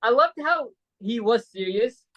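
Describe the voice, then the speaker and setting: His very high voice carries lively intonation and a fairly bright tone, and he takes his time, though the audio is dull. A Saudi man telling a story as a podcast guest, he rambles casually, sprinkling "like" and "right?" throughout.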